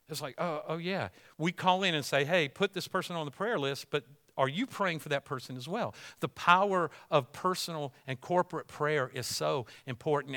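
A man's voice: a little high, sharp tone. A man preaching a sermon, talking it through in a conversational way and building up to emphatic exhortation. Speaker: pastor.

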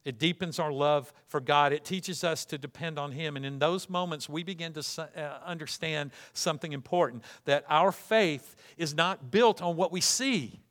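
A man's voice: on the high side, moderate pace, hardly any pauses. Fervent male pastor preaching. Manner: repetitive restarts, swings from loud fervent to hushed. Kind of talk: sermon.

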